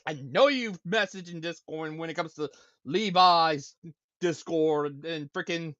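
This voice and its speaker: A man's voice: on the high side, unhurried, a bit bright, no echo, lo-fi sound. A man hosting a casual live-stream talk show, ranting and stammering as he repeats himself over and over. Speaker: show host.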